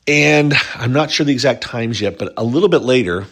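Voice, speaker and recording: A man's voice: mid-range voice, a little fast, fairly bright tone. A man hosting a casual reality show recap, rambling and chatty, lifting his voice whenever he quotes someone.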